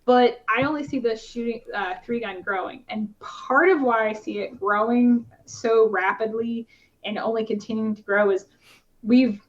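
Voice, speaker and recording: In a slightly muffled, lo-fi podcast recording, a competitive shooter chats informally as an interviewee. Her voice sits a little high at a moderate pace, and she often restarts and fills pauses.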